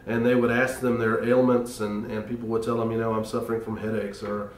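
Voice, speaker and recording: A man's voice: mid-range voice, level tone, a little fast, recorded from a distance, a little hiss or hum. A man earnestly telling stories about his church upbringing in an interview. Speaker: choir member. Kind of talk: reflective interview talk. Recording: roomy, off-mic with faint ambience.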